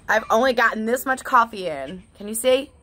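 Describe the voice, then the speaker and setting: A woman's voice: fairly high pitch, animated, moderate pace, pushed and bright, slight background noise. A woman talking in a casual, candid vlog monologue, swearing often and laughing between thoughts. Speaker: vlogger.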